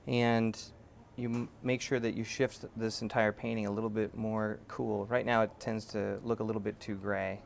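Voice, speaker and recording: A man supervising background painters in a behind-the-scenes interview, explaining calmly and instructively with lots of pauses. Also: fairly low pitch, creaky, a little hiss or hum. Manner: relaxed, instructive, frequent uh fillers.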